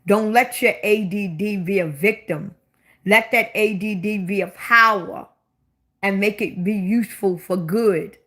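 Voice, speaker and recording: A woman's voice: medium pitch, unhurried, fairly bright tone. A woman with a Baltimore accent, chatting bluntly and at length on her own livestream, often repeating her questions for emphasis. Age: older than 25. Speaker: livestream host. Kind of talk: casual livestream chat.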